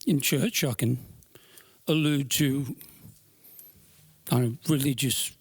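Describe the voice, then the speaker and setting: A man's voice: mid-range voice, slow. An older man with an Australian accent, a singer-songwriter chatting and joking with his audience between songs, in a chatty, self-mocking way. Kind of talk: live stage banter between songs. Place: live music venue. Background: acoustic guitar.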